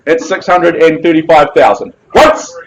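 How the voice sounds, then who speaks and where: A man's voice: on the high side, normal speed, poor audio. A man with a New Zealand accent calling a live property auction with jovial, persuasive patter.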